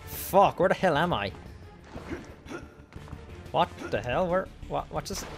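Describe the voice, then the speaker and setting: A man's voice: on the high side, slow, creaky. Young man swearing through a game. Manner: excitable, swears a lot at the game. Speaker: gaming video host. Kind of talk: let's play commentary. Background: game music.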